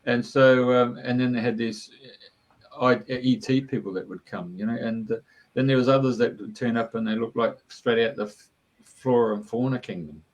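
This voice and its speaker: Gravelly man telling rambling stories. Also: medium pitch, steady tone, moderate pace, lo-fi sound. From Australia. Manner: rambling and chatty, with many fillers. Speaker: interview guest. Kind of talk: casual storytelling.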